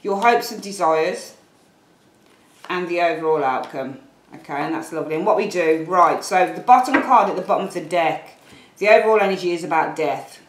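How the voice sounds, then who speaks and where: A woman's voice: on the low side, expressive, moderate pace, reverberant, rough recording. A woman from Birmingham with a Birmingham accent, giving a casual, rambling tarot reading to camera with apologetic asides. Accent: Birmingham English. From Birmingham, England. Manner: chatty, rambling, apologetic asides, calls viewers darlings. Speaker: tarot reader. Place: room at home, at a table.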